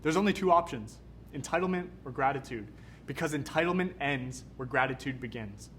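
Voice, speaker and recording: A young man from Canada, a youth pastor giving an energetic, conversational sermon. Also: medium pitch, fairly quick, a little hiss or hum. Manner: energetic, casual, conversational preaching.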